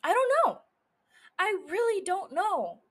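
A woman's voice: extremely high pitch, big pitch swings, measured pace, a bit bright. A woman hosting a solo podcast from her room into a mic, blunt and emotional, swearing freely as she rants and gushes. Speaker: podcast host. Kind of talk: casual solo podcast talk. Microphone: studio mic.

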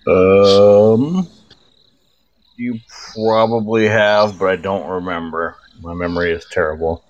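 Hesitant low-voiced man, slow and unsure, dull distant recording. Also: fairly even intonation.

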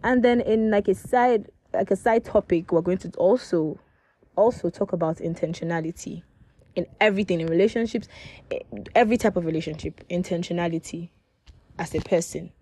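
A woman's voice: fairly low pitch, fairly quick, mellow, breathy edge. A young woman hosting her own podcast alone, rambling and correcting herself as she talks. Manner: rambling, self-correcting, laughs often. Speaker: podcast host. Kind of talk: casual solo podcast chat.

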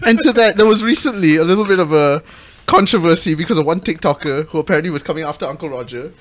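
A woman with a Malaysian accent hosting a studio podcast, chatting casually with sing-song emphasis and loud laughs. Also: low voice, quick pace. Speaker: podcast host. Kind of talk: casual chat.

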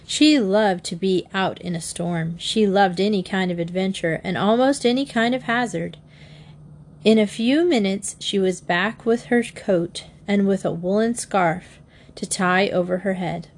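Woman reading a children's story. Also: unhurried. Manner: reads the story aloud, lifting her pitch for the children's lines. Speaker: narrator.

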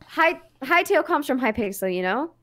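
A woman's voice: high voice, very animated, brisk, bright, forceful tone. A woman co-hosting a casual podcast about video games, chatty and laid-back, trailing off with fillers. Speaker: podcast co-host.

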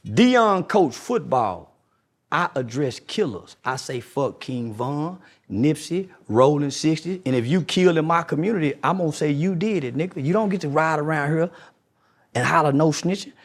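A man's voice: a little high, animated, normal speed. A man being interviewed who argues in a preachy, confrontational way, hammering the same rhetorical questions again and again. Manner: mocking impressions in a raised voice. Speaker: guest. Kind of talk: heated podcast interview.

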